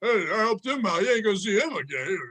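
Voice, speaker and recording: A man putting on a brash Italian-American wiseguy voice, ranting loudly. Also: high voice, very animated, fast, heavily acted.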